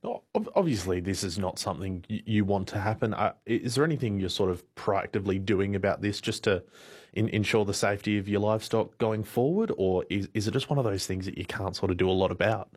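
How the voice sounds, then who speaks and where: An interviewer asks his questions in a stumbling, stop-start way. His voice is husky and sits low. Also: fast, darkish tone. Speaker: radio interviewer.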